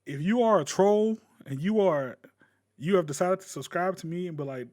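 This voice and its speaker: A man ranting casually to camera as a gaming YouTuber, blunt and profane, with sudden loud bursts. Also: high-pitched, moderate pace.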